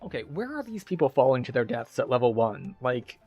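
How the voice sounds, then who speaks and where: A man's voice: medium pitch, big pitch swings, fairly quick, a little mellow, dry recording, muffled recording, faint music behind. A man casually commenting while he plays a game, rambling with lots of filler words. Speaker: game streamer.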